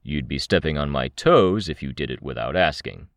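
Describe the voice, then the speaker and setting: A man voicing sardonic grump Tristan, low. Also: expressive, normal speed, a bit bright, dry recording, full character voice. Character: grumpy young builder Tristan, impatient.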